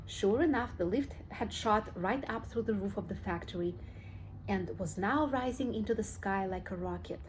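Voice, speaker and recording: A woman narrating a children's storybook in a steady, clear read-aloud delivery. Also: medium pitch, moderate pace, a little hiss or hum, poor audio. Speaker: audiobook reader.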